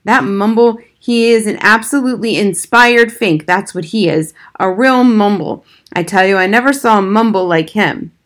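A woman voicing an angry middle-aged father who rants and shouts in a storybook reading. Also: medium pitch, normal speed, few pauses, close to an everyday voice. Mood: indignant. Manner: shouting, sputtering.

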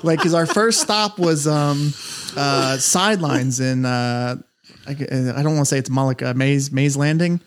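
A man chatting as a podcast guest, telling stories in an animated way with frequent laughs and restarts. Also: mid-range voice, unhurried. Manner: animated storyteller, laughs often, many restarts. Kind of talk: casual chat, storytelling.

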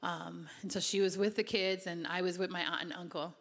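A woman's voice: lowish voice, fairly even intonation, brisk, a bit bright, big-room sound. A woman from Connecticut giving an earnest, conversational personal testimony in a sermon, with many casual fillers. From Connecticut, USA.

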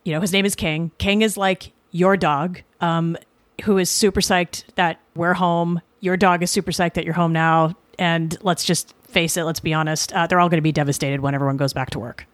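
A woman's voice: fairly low pitch, fairly even intonation, normal speed, dry recording. Dry sarcastic woman in her forties. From Boston suburbs, USA. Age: 40s. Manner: dry, sarcastic, rambling with self-corrections. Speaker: podcast co-host. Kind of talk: casual comedic podcast banter.

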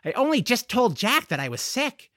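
A man reading an audiobook, voicing an excited, pleading twelve-year-old boy in a raised voice. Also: normal speed, no room sound, studio quality, heavily acted. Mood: eager. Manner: eager, pleading, high-pitched. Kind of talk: audiobook character voice.

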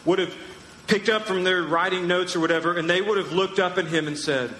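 Emphatic pastor in an echoey hall. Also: male voice, sits high, fairly even intonation, a little fast, fairly bright tone, a little hiss or hum. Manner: emphatic, teacherly, asks the crowd questions. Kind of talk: sermon. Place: large church hall. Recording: echoey church hall with long reverb.

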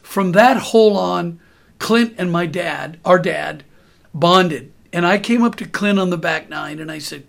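An older man in his sixties hosts a podcast and tells an anecdote. His voice is fairly high, and his lively storytelling breaks into chuckles. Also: a little slow, vocal fry. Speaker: podcast host.

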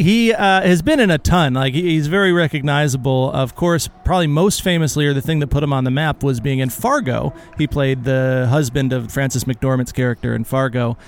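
A man's voice: fairly high pitch, clean tone. A man co-hosting a podcast in casual chat, leading the discussion with questions and plenty of fillers. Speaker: podcast co-host.

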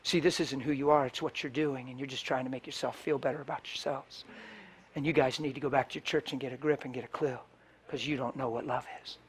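A man, a pastor, preaching a sermon with passion, swinging from loud bursts to hushed storytelling. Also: medium pitch, steady tone, quick pace.

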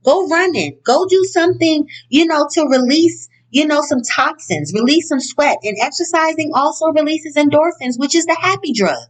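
A woman giving a casual motivational talk from notes, blunt and profane, with animated, emphatic outbursts. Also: high-pitched, normal speed, few pauses, poor audio. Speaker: speaker on inner-child healing.

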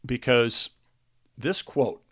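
A middle-aged man hosting a podcast, speaking about a recent loss in a halting, earnest way, grieving and close to tears. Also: medium pitch, fairly bright tone. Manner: halting and earnest, with many restarts. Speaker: podcast host. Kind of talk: personal monologue.

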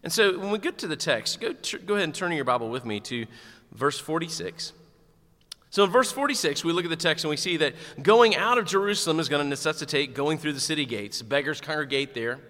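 Bright-voiced man preaching in a church. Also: fairly high pitch, a little fast, in a large hall. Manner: animated, conversational preaching with humor. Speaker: pastor. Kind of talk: sermon.

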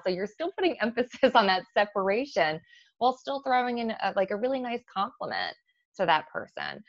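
A woman's voice: on the low side, lively intonation, a little fast, a bit bright, no room sound. Woman therapist, dry and muffled. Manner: explanatory, with many fillers and restarts. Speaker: therapist guest. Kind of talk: professional conversation.

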